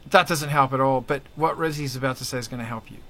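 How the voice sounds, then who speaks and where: A man hosting a casual panel chat, energetic and jokey as he hands questions to guests. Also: medium pitch, fast, slight background noise. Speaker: host.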